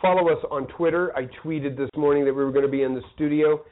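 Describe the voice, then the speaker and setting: Male co-host, a bit high, flustered and rambling, tinny phone-like audio. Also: fairly even intonation, fast. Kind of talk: casual chat. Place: small studio.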